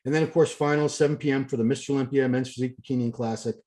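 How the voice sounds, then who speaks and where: A man's voice: medium pitch, fairly even intonation, very fast, a little mellow. A man hosting a bodybuilding preview, chatty and jokey as he rambles through a schedule and wraps up the show. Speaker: host. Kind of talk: casual show wrap-up.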